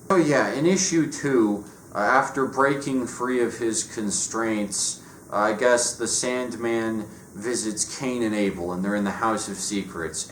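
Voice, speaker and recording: A man ranting sarcastically and profanely as he reviews comics. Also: medium pitch. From United States. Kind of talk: casual rant review. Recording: echoey room with faint noise.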